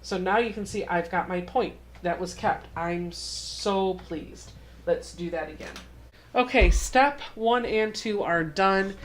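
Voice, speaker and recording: A woman's voice: mid-range voice, takes it slowly, slight background noise. A young adult woman hosting a casual home sewing tutorial, chatty and self-deprecating as she walks through each step. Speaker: quilting channel host.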